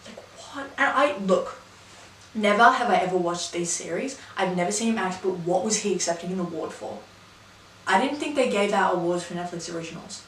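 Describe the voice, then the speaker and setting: A woman's voice: mid-range voice, lively intonation, fairly quick, a bit bright, far from the mic, a little hiss or hum. A chatty Australian woman hosting a quiz video, with wry commentary that often swears. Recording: echoey room, mic set back.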